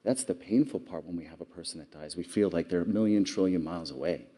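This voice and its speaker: Man, public speech, earnest storytelling, warm low voice. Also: fast talker. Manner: earnest storytelling, audience questions. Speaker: award speaker.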